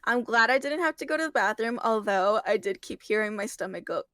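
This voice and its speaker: A woman chatting casually as a guest, animated and giggly as she retells things. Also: a little high, a little fast, no room sound, clean studio sound. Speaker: guest reviewer. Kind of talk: casual chat.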